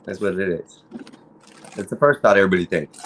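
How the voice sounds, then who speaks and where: Male stream guest, Mexican-American accent, deep groaning voice, laid-back banter. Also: lively intonation, a little fast, fairly bright tone, a little hiss or hum. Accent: Mexican-American English. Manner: laid-back, drawling, repeats "bro". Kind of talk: casual joking banter.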